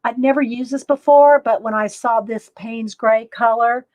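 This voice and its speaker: A woman's voice: on the high side, fairly even intonation, moderate pace, darkish tone, no room sound, rough recording. A woman chatting casually to viewers while painting in a live art demo. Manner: chatty, laughs often, talks to viewers.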